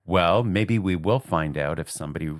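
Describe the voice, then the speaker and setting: Woman, extremely low voice, easygoing podcast co-host, laughs a lot, dry sound. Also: normal speed, dry recording. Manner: easygoing, laughs often, many short agreements. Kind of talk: casual chat.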